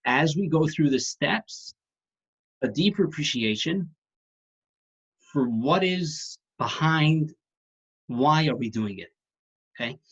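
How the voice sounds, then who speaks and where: A man's voice: on the high side, expressive, slow, pauses often, a bit bright, husky. A man casually teaching an online class, talking conversationally with restarts and the odd joke. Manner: conversational, tells jokes, restarts phrases. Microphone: video call. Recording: dull lo-fi video call audio.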